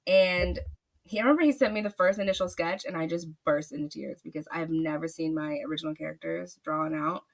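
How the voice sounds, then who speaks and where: A woman's voice: low-pitched, fairly quick, gravelly. A woman author telling a long story in a casual podcast interview, gushing and rambling with many fillers. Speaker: author guest.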